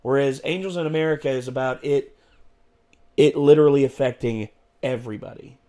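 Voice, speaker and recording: A man's voice: mid-range voice, a little fast, dark tone. A man co-hosting a reaction show, telling a story in casual chat with rambling restarts and fillers.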